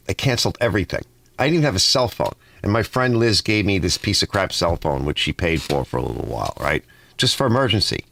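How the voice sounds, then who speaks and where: Animated man chatting in his garage. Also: deep voice, fast talker, creaky, slight background noise. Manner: rambling, personal storytelling full of restarts. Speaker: host of a garage channel. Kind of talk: casual livestream chat, reading viewer comments aloud. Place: home garage.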